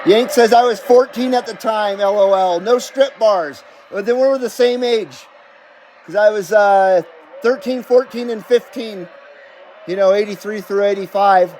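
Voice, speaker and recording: High-voiced laid-back man in his fifties. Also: a little slow, a little mellow, a little hiss or hum. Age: 50s. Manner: laid-back, jokey, talks to viewers and calls out on air. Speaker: CB radio livestream host. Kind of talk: casual live-stream chat.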